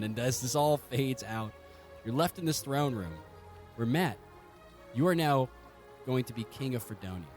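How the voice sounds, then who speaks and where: A man's voice: medium pitch, lively intonation, moderate pace, long pauses, darkish tone, soft background music. A man narrating a comedic tabletop role-play as game master, rambling and laughing, with many fillers.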